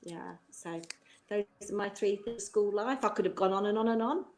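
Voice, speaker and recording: A middle-aged woman rambles cheerfully through a stream chat, breaking into laughter often. Her voice sits at an ordinary pitch, and a noticeable room echo surrounds it on the video call. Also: normal speed, crowd noise. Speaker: guest, former teacher. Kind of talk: casual chat on a live stream. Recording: roomy echo.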